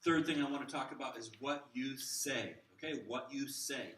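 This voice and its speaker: A middle-aged man teaching a workshop on talking with children, lively and joking, acting out examples in different voices. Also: mid-range voice, moderate pace, a little hiss or hum. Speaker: children's ministry trainer. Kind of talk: teaching a workshop to a live group. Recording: roomy hall sound from a distant mic.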